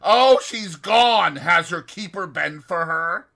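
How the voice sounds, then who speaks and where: A dying man raves in terror at a ghost only he can see, pleading in high, loud, frantic cries, as a man puts him on in an audiobook. His voice is bright and strained. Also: expressive, moderate pace, vocal fry, exaggerated voice. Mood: terrified. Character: terrified, raving dying man seeing a ghost.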